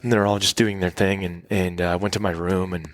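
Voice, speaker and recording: A man's voice: low-pitched, flat delivery, fast talker. A middle-aged man, a podcast guest in a cabin, telling long rambling anecdotes in a casual interview and acting out the people he quotes.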